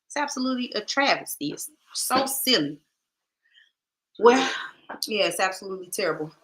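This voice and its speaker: A woman hosting a podcast, chatting casually with her viewers and reading their comments in a lively, direct way. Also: medium pitch. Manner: lively, talks straight to viewers, drawn-out "child, listen". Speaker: podcast host.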